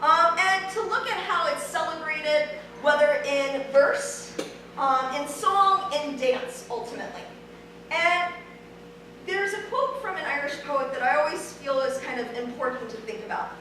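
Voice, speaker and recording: A woman's voice: sits high, unhurried, pushed and bright. A woman from Ohio giving a friendly, conversational history lecture with many ums. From Ohio, USA. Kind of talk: public lecture. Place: large church hall. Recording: very echoey hall, distant mic, faint noise.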